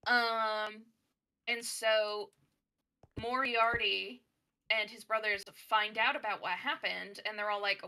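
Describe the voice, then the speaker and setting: A woman gaming streamer retelling a story in a chatty, animated way, with many fillers. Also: mid-range voice, takes it slowly. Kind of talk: casual storytelling while playing a game.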